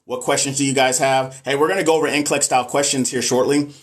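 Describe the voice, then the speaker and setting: A man's voice: medium pitch, fairly even intonation, quick pace. A man with a Texas Southern accent hosts a casual livestream in a mid-range voice. He chats candidly, reads viewer comments aloud, and gives straight, unfussy advice. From American South. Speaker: nurse and livestream host.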